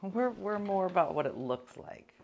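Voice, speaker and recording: A woman's voice: mid-range voice, lively intonation, normal speed, gravelly, darkish tone, slight background noise. A woman hosting a casual livestream, telling stories to her viewers in a wry, sarcastic way. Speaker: livestream host.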